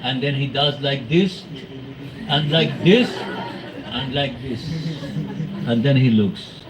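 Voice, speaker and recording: A man speaking to a devotional gathering, telling anecdotes in an animated way, acting out quoted voices and laughing often. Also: medium pitch, takes it slowly, a crowd in the background, low-quality recording. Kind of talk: storytelling talk to a congregation.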